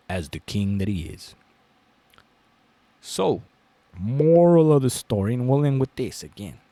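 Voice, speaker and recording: A man's voice: mid-range voice, a little mellow, no room sound. A man hosting a commentary channel, telling a fable in a profane way, often asking "right?" and chuckling. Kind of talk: storytelling commentary.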